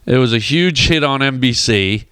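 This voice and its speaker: A man's voice: mid-range voice, lively intonation, moderate pace, a bit bright, clean tone, no echo, studio quality. A man, a comedian and actor guest on a radio show, telling rambling comic anecdotes and acting out the people in them. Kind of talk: animated storytelling on a radio show. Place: radio studio.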